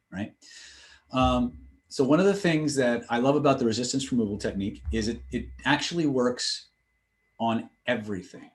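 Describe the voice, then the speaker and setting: A man teaching a live online class, explaining with casual asides and checking in with listeners. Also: medium pitch. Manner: explanatory, demonstrates phrases with shifting tone and tempo; conversational, frequent "right?" check-ins. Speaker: instructor.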